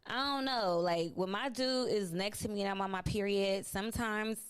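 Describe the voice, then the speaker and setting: A woman's voice: medium pitch, fairly even intonation, moderate pace, clean tone. A woman hosting a podcast in casual, blunt chat, swearing freely and laughing often. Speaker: podcast host.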